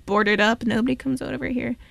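A woman's voice: on the high side, fairly even intonation, vocal fry, a bit bright, no echo. A young woman hosting a student radio talk show, chatty and playful. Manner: chatty, playful, quick to laugh. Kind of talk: casual radio chat.

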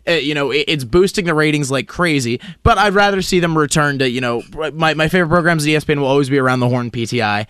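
A man's voice: on the high side, fast talker, hardly any pauses, a bit bright, clean tone, no room sound. A young man co-hosting a sports podcast, giving opinionated, rambling takes with restarts. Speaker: podcast co-host. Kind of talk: casual sports chat.

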